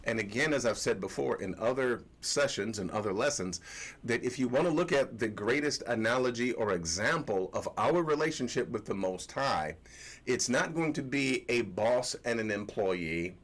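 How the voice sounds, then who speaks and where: A man's voice: medium pitch, lively intonation, normal speed. Man teaching scripture in a chatty livestream. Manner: colloquial, repeats phrases, tells stories. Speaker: host and religious teacher.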